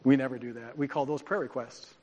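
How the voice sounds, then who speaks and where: A man preaching a sermon as a pastor, animated and joking, acting out quoted voices. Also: mid-range voice, a little fast, in a large hall, noisy background. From grew up on a farm.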